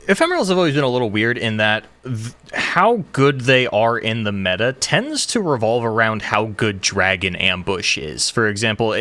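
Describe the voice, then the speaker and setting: A man commentating a live card game tournament in a relaxed, chatty way. His voice sounds bright, and he is quick to laugh at himself. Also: mid-range voice, no room sound. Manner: chatty, laughs often, self-deprecating. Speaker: esports caster.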